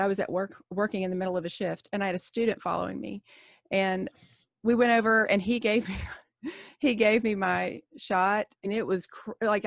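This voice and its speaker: A woman's voice: mid-range voice, gravelly, no room sound. A woman in her forties, a nurse co-hosting a podcast, telling a story in candid, rambling casual chat full of fillers and restarts. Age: 40s.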